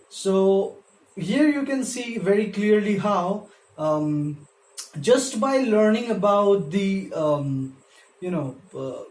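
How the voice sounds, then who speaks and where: A literature lecturer giving a slow, explanatory video lesson, counting syllables and stresses aloud, with frequent hesitations. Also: medium pitch, darkish tone. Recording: roomy echo.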